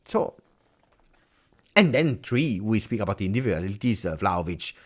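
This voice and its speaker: Heated football host. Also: male voice, fairly low pitch, big pitch swings, moderate pace. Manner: heated, emphatic, repeats phrases for stress. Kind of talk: live post-match reaction stream.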